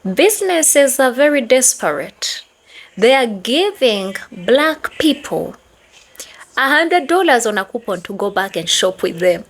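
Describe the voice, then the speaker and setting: A woman's voice: fairly high pitch, sing-song, measured pace, slight background noise. Woman host greeting her channel viewers. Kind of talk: casual commentary to camera.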